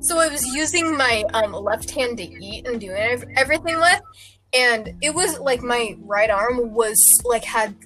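A woman's voice: fairly high pitch, lively intonation, measured pace, sharp tone, faint music behind, poor audio. A young woman casually telling a rambling story, giggling and acting out what people said. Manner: rambling, giggly, acts out quotes. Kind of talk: casual chat.

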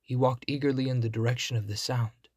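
A man reading a fairy tale aloud in a measured storybook manner. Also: mid-range voice, fairly even intonation, breathy edge, no echo, clean studio sound.

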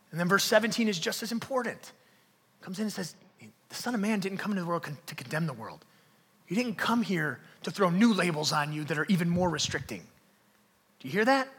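A young man preaching a sermon in church, swinging from loud emphatic lines to hushed near-whispers. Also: sits high, husky, long reverb tail. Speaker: pastor. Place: church hall.

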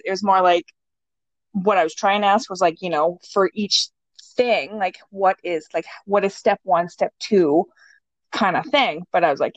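A woman's voice: mid-range voice, brisk, dry recording. A young woman co-hosting a podcast, telling her own story in a casual, candid way, swearing freely and acting out what people said. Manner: candid and swearing, acts out quotes. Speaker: podcast co-host. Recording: dull, dry lo-fi sound.

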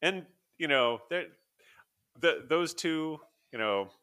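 Man co-host with a lively pitch. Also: slow pace. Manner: relaxed, hesitant, lots of uh fillers. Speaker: podcast co-host. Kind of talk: casual podcast chat.

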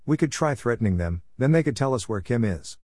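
A man's voice: medium pitch, expressive, brisk, mellow, dry recording, clean studio sound, close to an everyday voice. A man voicing an anxious male lion in a children's story.

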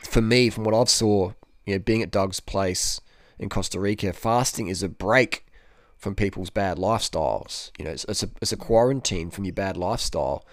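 A man's voice: sits low, moderate pace, no echo. A man, talking casually as a guest, rambling and repeating himself with many "you knows". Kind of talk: casual conversation.

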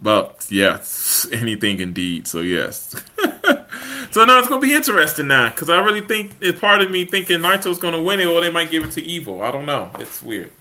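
A man hosting a casual show, talking in an animated way and laughing often. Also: on the high side, fairly quick. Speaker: podcast host. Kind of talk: casual chat.

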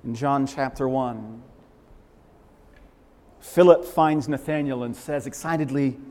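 A man preaching a sermon as pastor, fervent and emphatic, swinging from loud swells to hushed, quiet lines. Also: medium pitch, slow, long pauses. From Massachusetts, USA. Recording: long reverberant hall echo.

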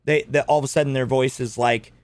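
A man's voice: medium pitch, quick pace. A man co-hosting a podcast in casual chat, swearing freely and acting out what other people say. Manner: animated, acts out quotes in exaggerated voices. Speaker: podcast co-host.

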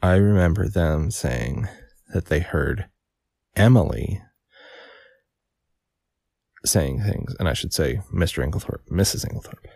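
A man's voice: low voice, lively intonation, creaky, a little mellow, husky, dry recording, studio quality. A man reading a mystery novel aloud, stopping to correct himself and chat about the text. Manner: pauses to correct and comment on his reading. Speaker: audiobook reader. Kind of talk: casual read-aloud with commentary.

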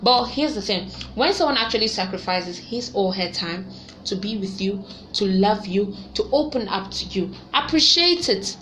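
A woman's voice: medium pitch, moderate pace, slight background noise. A young Nigerian woman with a Nigerian accent, chatting animatedly and preaching about love and relationships, laughing often and slipping into pidgin. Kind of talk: casual chat commentary.

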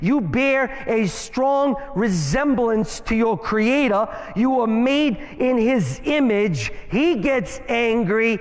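Male guest preacher, very high voice, emphatic and playful, church hall echo. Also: lively intonation, slow, few pauses. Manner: emphatic, rhythmic rhyming phrases, playful asides. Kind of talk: sermon. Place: church sanctuary. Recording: long hall reverb in church.

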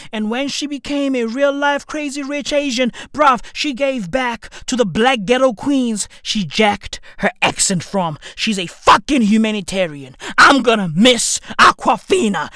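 A woman giving a sarcastic, mock-solemn commentary rant, full of slang and profanity, that swings to sudden shouts. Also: fairly high pitch, a little slow, hardly any pauses, dry recording, studio quality. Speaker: online commentator.

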